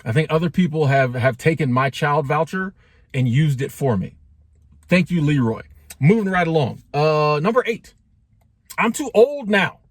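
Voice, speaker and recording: With an expressive voice on the high side and a moderate pace, a male vlogger in his forties chats casually to camera in a talking-head monologue. He cracks jokes and keeps it conversational, using slang and frequent asides to his viewers, captured at studio quality with no room sound.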